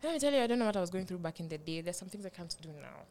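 A woman's voice: lowish voice, racing, background noise. A young woman in her twenties with a Kenyan accent, telling a story in a casual podcast chat and laughing often. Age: 20s. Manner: animated, laughs a lot, mixes in Swahili slang. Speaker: podcast host.

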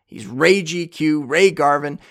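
A man's voice: on the high side, unhurried. A man hosting a casual sports podcast, talking through news and asking his guest questions. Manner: conversational, relaxed analysis. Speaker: podcast host. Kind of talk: casual chat.

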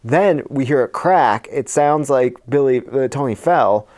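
A man's voice: medium pitch, lively intonation, measured pace, darkish tone. A man co-hosting a podcast, animatedly improvising a horror story with hammy flair. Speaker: podcast co-host.

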